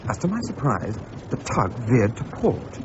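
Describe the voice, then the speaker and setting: English gentleman adventurer, radio drama, lively pitch, clipped and commanding, dull noisy recording. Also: measured pace. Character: English gentleman adventurer narrating his tale. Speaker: narrator and lead character.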